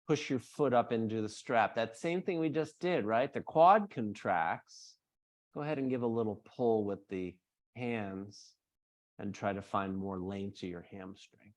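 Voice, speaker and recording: A man who is a yoga teacher, explaining hamstring anatomy to a class and then slowly guiding them through a strap stretch. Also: mid-range voice, darkish tone. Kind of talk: yoga workshop instruction.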